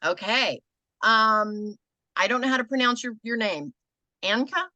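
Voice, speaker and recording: Lively older American coach woman. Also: a little high, a little slow, dry recording. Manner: conversational, animated, acts out quoted people. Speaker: business coach. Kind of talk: coaching a group online.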